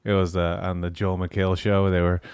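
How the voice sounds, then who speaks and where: A man co-hosting a podcast in casual chat, animated and swearing freely, breaking into impressions. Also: low voice, a little fast, clean tone, no room sound, clean studio sound. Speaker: podcast co-host.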